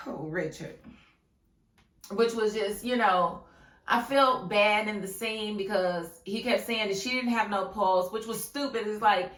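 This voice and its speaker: A woman giving a casual, animated recap of a TV episode, laughing often and acting out the scenes in voices. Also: medium pitch, a little slow, distant mic. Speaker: YouTube TV reviewer. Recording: echoey room, a bit off-mic.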